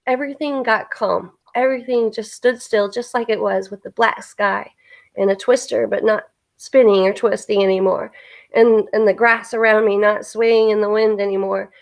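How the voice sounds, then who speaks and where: A woman hosting a casual spiritual chat on a live stream, earnestly telling a long personal story. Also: fairly high pitch. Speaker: host.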